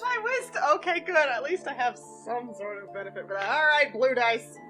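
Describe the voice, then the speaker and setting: A woman playing a tabletop game, switching into an expressive in-character plea. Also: fairly high pitch, fairly quick, soft background music. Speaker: player.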